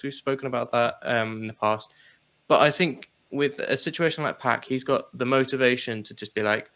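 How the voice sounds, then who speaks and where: A man co-hosting a casual wrestling talk show, animated and quick to laugh and swear. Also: mid-range voice. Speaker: podcast co-host.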